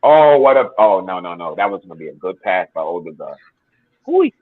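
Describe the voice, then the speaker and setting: A man hosting a football watchalong, telling animated stories with plenty of swearing. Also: low voice, brisk, no room sound, narrow, tinny audio. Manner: animated storytelling, heavy swearing, acts out quotes. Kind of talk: casual watchalong chat.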